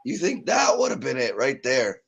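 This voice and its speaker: A man co-hosting a live watch party in casual chat, mostly giving short replies and quick asides. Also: medium pitch, huge pitch swings, vocal fry, a bit bright, husky.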